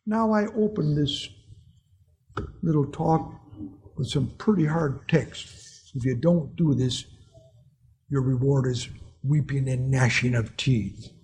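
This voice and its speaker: A man's voice: mid-range voice, slow pace, pauses often, darkish tone, slightly rough. A man preaching a sermon to his congregation, telling personal stories in an earnest way and chuckling at his own anecdotes.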